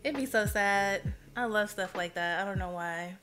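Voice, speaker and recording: A woman live streamer chatting casually with her viewers, emotional and expressive. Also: mid-range voice, normal speed, soft background music.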